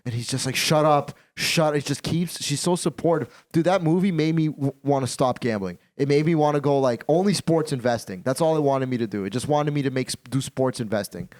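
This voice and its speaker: A man hosting a casual podcast chat, talking in an animated, repetitive way and swearing freely. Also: medium pitch, fast, hardly any pauses. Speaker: podcast host.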